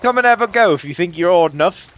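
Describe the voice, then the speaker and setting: A man's voice: sits high, lively intonation, fast talker, fairly bright tone, pitched above the performer's own voice. A man voicing a grumpy, blustering tentacle monster in a put-on British accent. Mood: taunting. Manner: blustering, threatening, working-class slang. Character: grumpy tentacle monster guarding his tea cozy.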